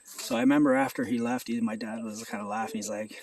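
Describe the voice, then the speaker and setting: A man's voice: medium pitch, animated, a little fast, vocal fry, recorded from a distance. A man from Ontario, earnestly sharing a rambling spoken testimony outdoors at a rural house, often repeating his words. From Ontario, Canada. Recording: voice off from the mic.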